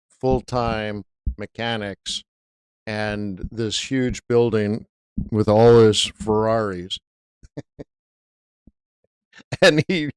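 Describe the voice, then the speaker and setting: A man's voice: medium pitch, smooth, no room sound, studio quality. A middle-aged man hosting a trading livestream, telling a long story in a laid-back, rambling way with lots of "dude" and "right?". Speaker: forex trading livestream host.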